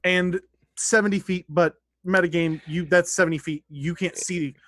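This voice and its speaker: A man running a streamed tabletop game as dungeon master, animated, laughing and swearing freely. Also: high-pitched, moderate pace, no room sound, studio quality.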